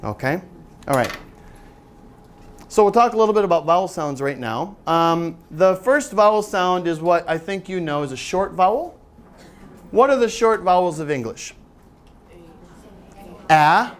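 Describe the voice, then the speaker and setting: A man with a high, expressive voice presents a phonics seminar to a live audience in a seminar room, speaking at a measured pace with long pauses. In this interactive teaching session he quizzes the audience and carefully models each sound aloud.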